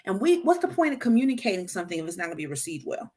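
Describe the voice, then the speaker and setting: A female podcast host leads a casual talk about healthy communication, addressing her listeners directly. Her medium-pitched voice races along, animated, and she stumbles into frequent restarts and repeated words.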